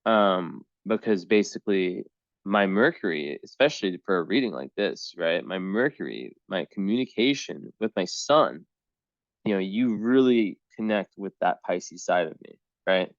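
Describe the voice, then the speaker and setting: Rambling male astrologer, low voice, casual client reading, dull dry sound. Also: animated, normal speed, no echo. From United States. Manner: rambling, full of "like" and "um". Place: small room in the downstairs of a house. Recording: dull, dry home recording.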